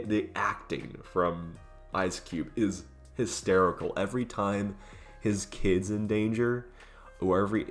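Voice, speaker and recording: A man giving a casual, rambling movie review, full of "like" and "uh" fillers and the odd swear word. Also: deep voice.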